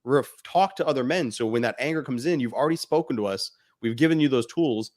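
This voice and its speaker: A man's voice: mid-range voice, fairly quick, darkish tone. A man co-hosting a fatherhood podcast, giving a blunt, motivational talk straight to the listener and swearing freely. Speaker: podcast co-host.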